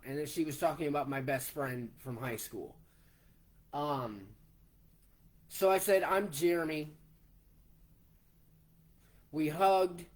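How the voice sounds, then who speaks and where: A man in his forties, slowly telling a personal story in a plain way, step by step. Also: a little high. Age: 40s. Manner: slow, plainspoken, retelling step by step. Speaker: vlogger.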